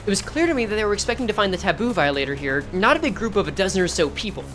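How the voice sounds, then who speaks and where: A woman's voice: medium pitch, big pitch swings, rapid-fire, few pauses, fairly bright tone. Woman streamer, story reading with chatty asides, faint music behind. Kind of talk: reading a game story aloud with reactions.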